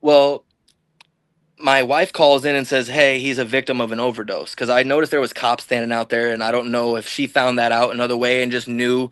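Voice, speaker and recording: A man's voice: medium pitch, little pitch movement, a little fast, fairly bright tone, clear, resonant tone, no room sound. A man from the Illinois-Iowa border telling a long personal story in casual, rambling, profane talk, acting out what people said. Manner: rambling, profane, acts out quoted dialogue. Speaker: podcast guest.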